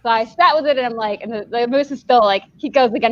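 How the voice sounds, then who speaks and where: A woman's voice: on the high side, fast talker, hardly any pauses, fairly bright tone, dry recording, muffled recording. A woman hosting a podcast who tells a story casually, rambling with lots of "like" and laughter. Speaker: podcast host.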